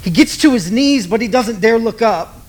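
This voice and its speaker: A man with a rather high-pitched voice delivers a sermon. He tells the story dramatically, pausing to let lines land and repeating phrases for emphasis. A faint hiss sits beneath his voice. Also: animated. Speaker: preacher.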